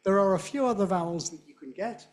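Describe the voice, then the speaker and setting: A middle-aged man with a Southern British accent giving a playful, animated lecture on phonetics and demonstrating sounds aloud. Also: high voice, quick pace. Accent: Southern British English. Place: lecture hall.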